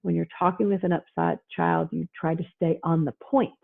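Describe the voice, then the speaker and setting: A middle-aged woman therapist giving a lively online parenting talk, acting out parents and children as she goes. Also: fairly low pitch, moderate pace. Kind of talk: animated online presentation. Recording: husky voice over a tinny phone-like line.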